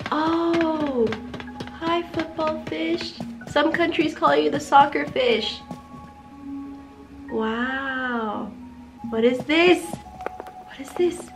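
A high-pitched woman chatters her way through a video game in a casual, wide-eyed tone. She is easily delighted, with quick gasps and giggles between lines. Faint game music plays softly behind her voice. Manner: excitable, gasping and giggling in delight. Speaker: game streamer. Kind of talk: casual gameplay commentary.

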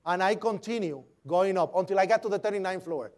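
Guy with a pretty high voice, eyewitness telling what happened, acts out the noises. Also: brisk. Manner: vivid storytelling, imitating sounds and voices. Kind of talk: recounting a personal account.

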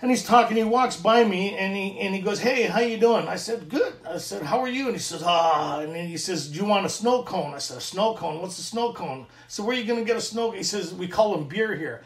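A man's voice: sits high, lively intonation, fairly quick, hardly any pauses, roomy sound, distant mic. A middle-aged man from Canada, earnestly sharing a personal recovery story at a meeting and acting out the dialogue.

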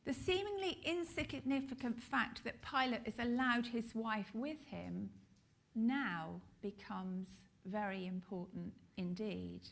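British woman, sermon, slow measured delivery, fairly high voice, emphatic pauses. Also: vocal fry. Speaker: preacher.

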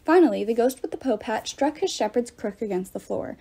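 A woman reading a novel aloud with expressive storytelling. Her voice sits fairly high and moves a lot, with a mellow, soft tone. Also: a little fast, slightly rough. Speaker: audiobook reader.

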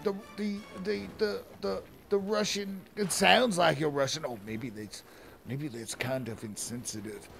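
Gravelly, slow-talking streamer man. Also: a little high, fairly even intonation, fairly bright tone, faint music behind. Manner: rambling, stammering, jokey. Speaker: streamer playing a game. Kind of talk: casual gameplay commentary.

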